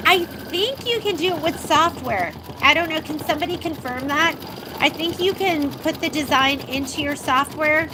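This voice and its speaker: A woman with a high voice hosts a casual live sewing demo from her shop, filming on a handheld phone with background noise. She chats with viewers, fields their questions, and laughs often.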